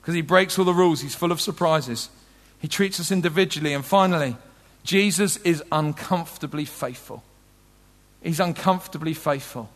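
A man preaching a sermon with passion, swinging from loud urgent peaks to soft low moments. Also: moderate pace, long reverb tail. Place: large tent.

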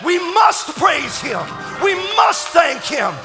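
High-voiced man preaching in a reverberant church. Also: sing-song, slow, over music, a crowd in the background. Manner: shouting, impassioned preaching. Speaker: pastor. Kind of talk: sermon. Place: church sanctuary.

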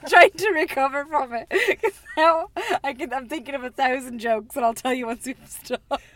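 A woman's voice: high voice, normal speed, fairly bright tone, no echo. A woman co-hosting a casual podcast, recorded in a parked car, who keeps breaking into laughter as she talks. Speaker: podcast co-host. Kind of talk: casual chat.

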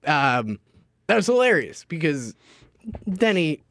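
A man co-hosting a casual after-show in a radio studio, joking and teasing in a relaxed chat. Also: a little high, slow pace, dry recording. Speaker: show producer and after-show host.

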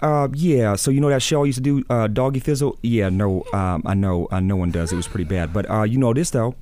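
A man's voice: on the low side, brisk, darkish tone, natural voice. A man impersonating a laid-back male rapper with a slangy drawl.

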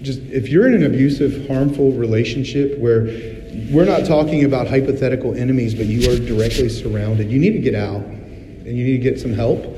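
A man preaching a sermon as pastor, talking candidly and conversationally, acting out quick little voices as he goes. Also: medium pitch, dark tone, a little hiss or hum. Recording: roomy hall reverb, faint ambience.

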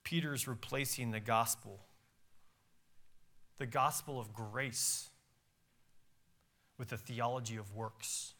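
A man's voice: mid-range voice, a little slow, pauses often, sharp tone. A pastor preaching a sermon in a church, reading scripture aloud with emphatic rises and drops in his voice. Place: church sanctuary.

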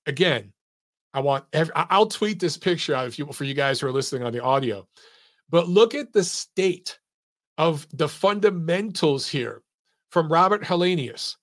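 A man with a slightly higher voice hosts his own boxing analysis show. He talks emphatically, firing off rhetorical questions and pointing out details as he goes, in a casual, conversational delivery. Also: lively intonation, normal speed, a bit bright. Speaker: boxing commentator and show host.

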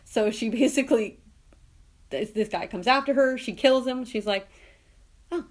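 A woman's voice: fairly high pitch, normal speed. A woman hosting her own podcast, chatting casually and laughing often as she retells favorite movie scenes. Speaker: podcast host. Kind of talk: casual solo podcast chat.

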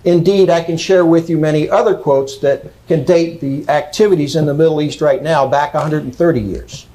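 A man's voice: on the high side, moderate pace, warm tone, rough recording. A man giving a lecture, reading out quotes and commenting on them emphatically, often checking in with "okay?".

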